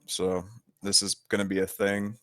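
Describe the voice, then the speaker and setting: A man's voice: low voice, monotone, moderate pace, fairly bright tone, no room sound, faint music behind. A man in a tabletop game over voice chat, reasoning aloud in an easygoing way. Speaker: player. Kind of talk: casual tabletop role-play over voice chat.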